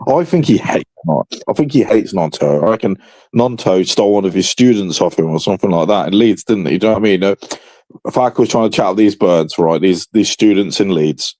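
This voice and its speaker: A man's voice: sits low, expressive, fairly quick, darkish tone, no room sound. A man with a Yorkshire accent, co-hosting a football podcast with joking, rambling banter. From England. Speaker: podcast co-host. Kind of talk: casual football chat.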